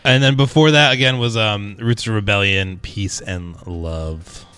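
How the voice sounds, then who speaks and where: A man's voice: lowish voice, a little slow, sharp tone, smooth. A man co-hosting a community radio show, chiming in playfully. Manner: playful, chimes in. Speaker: radio DJ co-host. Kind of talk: casual radio chat.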